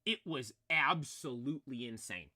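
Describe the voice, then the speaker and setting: A man's voice: medium pitch, animated, normal speed, bright, forceful tone, no echo. A young man telling a story with lots of energy, rambling with many fillers and restarts, his voice a little strained from screaming. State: voice nearly lost from screaming. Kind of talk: excited storytelling.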